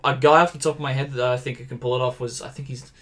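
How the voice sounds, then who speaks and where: A man co-hosting a casual podcast, telling stories in an animated way and acting out the other voices. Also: medium pitch, fast talker. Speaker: podcast co-host. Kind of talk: casual chat, storytelling.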